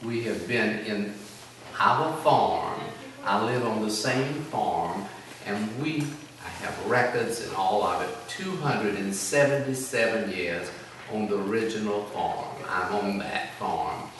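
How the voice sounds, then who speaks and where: A man's voice: on the low side, lively intonation, takes it slowly, a bit bright. Older man reminiscing, echoey room. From South Carolina, US. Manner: rambling, folksy, self-deprecating. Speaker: oral history interviewee. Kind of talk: reminiscing storytelling. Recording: echoey room, distant mic, noisy background.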